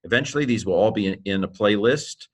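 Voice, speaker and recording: Male teacher, lowish voice, folksy and joking, walks through grammar step by step. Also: quick pace. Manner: folksy, joking, clears throat often. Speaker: Greek teacher. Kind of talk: informal recorded lesson.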